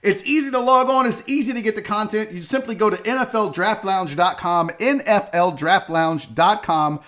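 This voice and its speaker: A man hosting a live sports and entertainment show, chatting loosely with viewers and reacting loudly and profanely to a clip. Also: high voice, normal speed. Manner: loud, profane and joking, often laughing and shouting while reacting to clips; rambling, chatty asides to viewers by name. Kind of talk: casual live-stream commentary.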